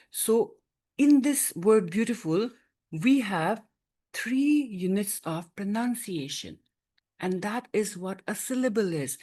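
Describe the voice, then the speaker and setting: A woman's voice: mid-range voice, mellow. A woman teaching a grammar lesson in class, explaining patiently and often checking that students follow. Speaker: English teacher.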